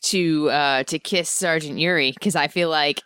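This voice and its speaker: A woman's voice: deep voice, moderate pace, a bit bright, clean tone. A woman playing a tabletop role-playing game, describing her character's actions in a playful, laughing way. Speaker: player.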